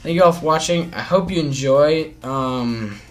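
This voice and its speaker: A man's voice: on the high side, a little slow, faint music behind. A man giving playful, chatty gameplay commentary, talking to himself and to his opponents as he plays. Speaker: mobile game channel host.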